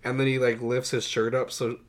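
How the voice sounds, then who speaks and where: A young man co-hosting a casual film podcast, mocking and getting loud and animated as he rants. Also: mid-range voice, fairly quick. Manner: mocking, gets loud and animated when ranting. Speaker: podcast co-host. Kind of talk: casual movie chat.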